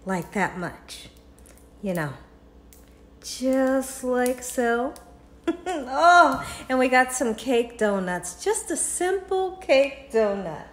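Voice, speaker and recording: A woman's voice: high-pitched, sing-song, drawn-out words, echoey room. A woman hosting a home cooking video, chatting with viewers as she tastes and pours, laughing often. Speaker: cooking channel host. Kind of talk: casual cooking demonstration. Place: home kitchen.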